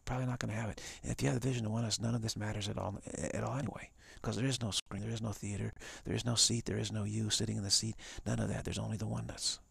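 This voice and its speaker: A man's voice: on the low side, flat delivery, racing, creaky, few pauses, husky, no room sound, clean studio sound. A man giving a live-streamed spiritual talk as a teacher, emphatic and repetitive, often dropping into whispers.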